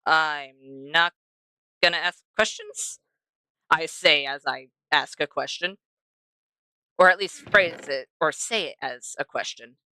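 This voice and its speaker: A woman's voice: low voice, slow, long pauses, bright, forceful tone, clean tone, no echo. A young woman streaming a game, chatting to herself and to the animals she passes as she plays. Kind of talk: casual gameplay commentary.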